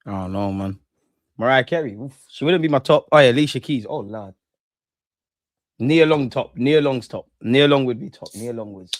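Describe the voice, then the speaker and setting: A man's voice: medium pitch, lively intonation, normal speed, no room sound. A young man, commentating a football match live and chatting with viewers in a slangy, ranting way. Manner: slangy, ranting, talks back to chat. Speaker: football watch-along streamer. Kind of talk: live casual commentary and chat.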